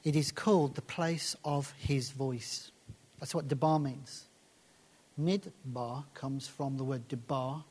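A man preaching a sermon and reading scripture aloud, slowing down and dropping to soft, hushed phrases for emphasis. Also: mid-range voice, fairly even intonation, slightly rough.

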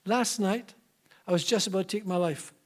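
A man preacher voicing an astonished woman recalling her rescue, in a raised, lively voice with a British accent. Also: high-pitched, normal speed. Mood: amazed. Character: amazed woman, saved from despair.

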